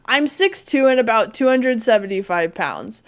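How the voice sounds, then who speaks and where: A woman co-hosting a casual podcast, reading a listener's story aloud. Her voice sits a little high, and she keeps a dry, unbothered tone with quick asides. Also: expressive, clear, resonant tone. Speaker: podcast co-host.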